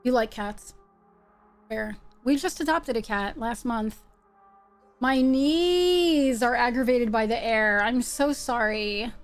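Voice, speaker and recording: A woman's voice: on the high side, takes it slowly, faint music behind. A woman hosting a live stream, chatting playfully with her viewers while she plays a game. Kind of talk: casual live-stream chat while gaming.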